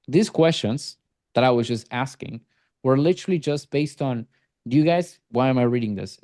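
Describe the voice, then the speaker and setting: Male sales coach, mellow tone, blunt and profane, teases students. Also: medium pitch. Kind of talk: group coaching call.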